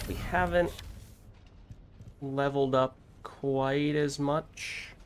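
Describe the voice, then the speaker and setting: Guy chatting while he plays a game, thinks out loud, laughs a lot, mid pitch. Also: steady tone, very slow, smooth. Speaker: gaming streamer. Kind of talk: casual gameplay chat.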